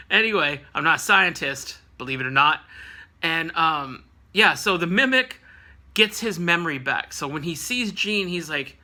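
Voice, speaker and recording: Joking man with a bright voice. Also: high voice. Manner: jokey, rambling asides. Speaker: comic book reviewer. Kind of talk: casual comic recap.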